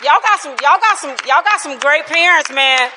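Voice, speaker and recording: A woman's voice: high-pitched, animated, normal speed, background noise. A woman in her fifties speaking personally to a church Bible class, emotional and laughing as she addresses the group directly. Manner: warm, laughing, emotional, talks straight to the group. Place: church hall. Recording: long hall reverb.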